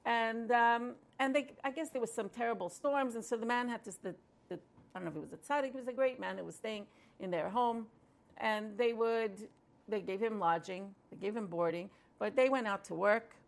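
Gravelly woman telling a story. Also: a little high, normal speed. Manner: conversational, with fillers and restarts. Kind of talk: storytelling talk.

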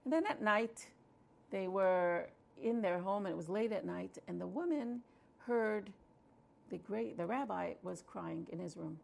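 A woman's voice: medium pitch, a little slow, gravelly, a little mellow. A woman telling a story in a conversational way, with fillers and restarts. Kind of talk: storytelling talk.

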